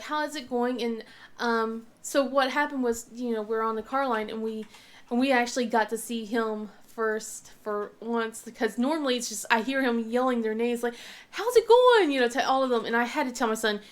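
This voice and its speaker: Chatty woman with a slightly high voice. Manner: rambling, with many restarts and quoted voices. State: mouth in pain. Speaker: vlogger and crafter. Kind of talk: casual chat while crafting.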